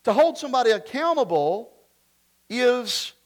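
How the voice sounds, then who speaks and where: A man preaching a sermon, switching between loud emphatic lines and quiet asides, and putting rhetorical questions to the congregation. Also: very high-pitched, big pitch swings, a little slow. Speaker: pastor.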